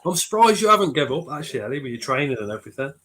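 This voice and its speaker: Bright-voiced man hosting a livestream. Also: on the high side, very animated, racing. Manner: chatty, swears casually, reads chat aloud. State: has a cold. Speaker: livestream host reading chat. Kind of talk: casual livestream chat.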